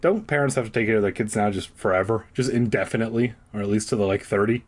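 A man's voice: on the low side, fast, breathy edge. A man reading a children's horror book aloud, breaking off for crude, sarcastic asides. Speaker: reader.

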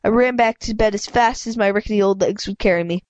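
A woman with a stuffy head cold reads a story aloud at home, her voice sitting at an ordinary middle pitch. She stumbles and restarts words often, in a casual, unpolished reading. The sound is dry and close, with no room echo. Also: quick pace, a little mellow, lo-fi sound. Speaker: amateur audiobook reader. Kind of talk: casual read-aloud narration.

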